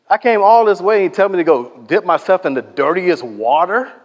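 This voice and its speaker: An indignant, proud soldier, as a preacher puts him on, huffing in disbelief in a fairly high voice. The sound carries a long hall echo. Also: male voice, expressive, moderate pace, dull audio. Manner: huffy, disbelieving. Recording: echoey hall reverb.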